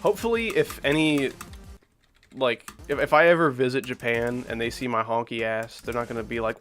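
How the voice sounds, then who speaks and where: A man's voice: medium pitch, brisk, a bit bright. A man in his thirties streaming a game from home, chatting loosely with viewers and answering chat between plays, full of filler words. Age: 30s. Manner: rambling, many "like" fillers, reacts to chat mid-play. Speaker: streamer playing requested game levels.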